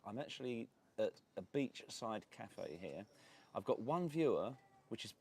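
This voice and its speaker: Gravelly-voiced man live-streaming from a beach cafe. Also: on the low side, sing-song, unhurried, darkish tone. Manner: chatty, rambling, laughs often, many fillers. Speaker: host of a property and lifestyle channel. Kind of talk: casual live-stream chat.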